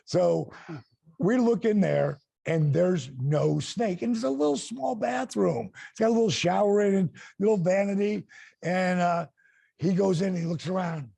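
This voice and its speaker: A middle-aged man and former wrestler telling an animated story, acting out quotes with big voice swings. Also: high voice, measured pace, no room sound. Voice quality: gravelly.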